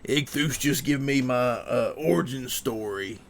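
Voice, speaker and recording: A man on a livestream putting on a macho, gravelly male lumberjack voice with an exaggerated manly drawl. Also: medium pitch, measured pace, slight background noise. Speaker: livestream host.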